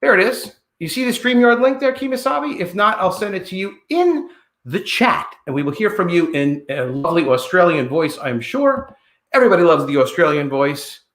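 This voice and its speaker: Guy hosting a livestream, high-ish voice bouncing all over, roomy echo, shouting out chat names. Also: moderate pace. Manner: greets chat viewers by name, rambling and animated. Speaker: livestream host.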